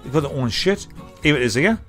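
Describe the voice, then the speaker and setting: A man's voice: a little high, lively intonation, a little fast, soft background music. Sweary man ranting. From North East England. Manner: sweary, loud and mocking. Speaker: livestream host. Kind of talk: casual chat reacting to clips.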